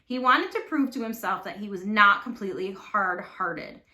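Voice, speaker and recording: Teacher lady reading a story out loud, bright lively voice, echoey room. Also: mid-range voice, moderate pace. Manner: expressive, animated.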